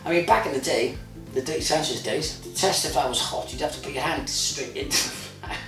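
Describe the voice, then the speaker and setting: A man in his forties hosts a casual cooking vlog, chatty and jokey and swearing freely. His voice is on the high side and fairly quick, picked up off-mic from a distance in an echoey room with music behind.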